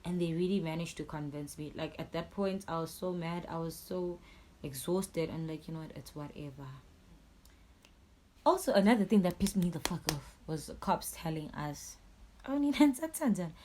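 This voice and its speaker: A young woman with a Swazi accent, telling a storytime vlog in an angry, animated way, swearing and switching languages. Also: deep voice, moderate pace, a little hiss or hum. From Eswatini. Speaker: YouTuber.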